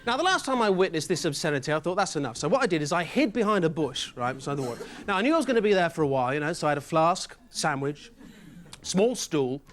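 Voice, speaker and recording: Rambling comedian with a lively voice. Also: male voice, fairly high pitch, fast. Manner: rambling, deadpan asides, absurd storytelling. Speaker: stand-up comedian. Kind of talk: stand-up routine. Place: comedy club stage with audience.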